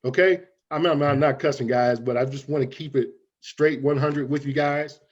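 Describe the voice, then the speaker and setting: Man giving a preachy motivational pitch. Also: steady tone, normal speed, lo-fi sound. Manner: preachy, folksy, keeps addressing "guys". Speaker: guest. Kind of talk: motivational interview talk.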